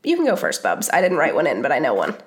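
A woman's voice: deep voice, wildly swooping pitch, quick pace, slight background noise. Wry woman podcast co-host. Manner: wry, sarcastic, hesitant with fillers. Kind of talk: casual chat.

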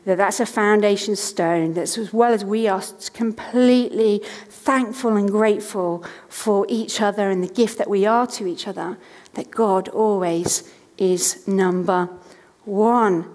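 A woman's voice: medium pitch, a little slow, darkish tone, long reverb tail. A woman in her thirties preaching a sermon from a church stage, telling family stories chattily and repeating key lines with earnest emphasis.

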